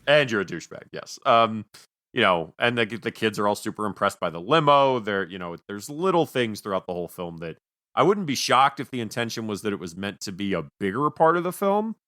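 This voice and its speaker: A man's voice: fairly low pitch, sing-song, fairly quick, pushed and bright. A man co-hosting a film podcast, talking casually and rambling with self-mocking jokes. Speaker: podcast co-host. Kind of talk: casual film review chat.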